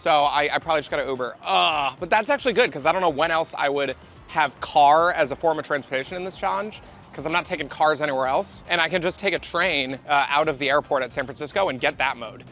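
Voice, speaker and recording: A man with a high voice talks fast into a handheld camera. He sounds excitable, piles up exclamations and thinks out loud as he vlogs. He seems to be outdoors on a rainy street. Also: soft background music. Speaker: vlogger playing a travel hide-and-seek game. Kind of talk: excited vlog narration to camera.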